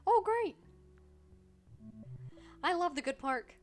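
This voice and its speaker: A woman's voice: very high-pitched, animated, slow pace, faint music behind, heavily acted. A woman reading a happy simple hellhound pup. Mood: eager. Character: cheerful male hellhound dog, simple and loyal.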